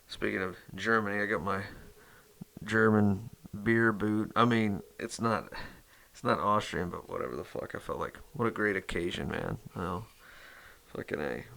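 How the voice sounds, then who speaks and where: A man's voice: lowish voice, vocal fry, pushed and bright. A man hosting his metal music channel in a rambling casual chat, cursing constantly and full of fillers.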